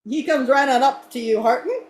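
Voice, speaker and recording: A woman narrating a tabletop game as game master, chatty and quick to laugh. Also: high voice. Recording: echoey room.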